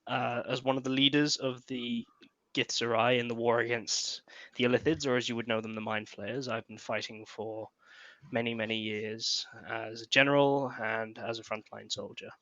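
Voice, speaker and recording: Grave veteran alien general, speaks mind to mind, low and measured, as a man plays him; dry lo-fi audio. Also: level tone, bright, forceful tone, dry recording. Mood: solemn. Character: stern telepathic male alien warrior general.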